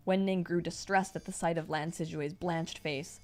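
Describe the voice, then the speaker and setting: A young woman streamer reading a novel aloud, steady between excited asides. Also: on the low side, moderate pace, hardly any pauses, faint music behind. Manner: reads steadily, breaks off into excited reactions.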